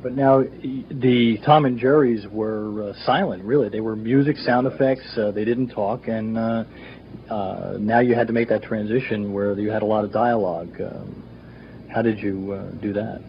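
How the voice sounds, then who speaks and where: Hesitant male interviewer, low voice. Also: steady tone. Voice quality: hesitant, many pauses. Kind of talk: interview questions. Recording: dull archival recording with faint hiss.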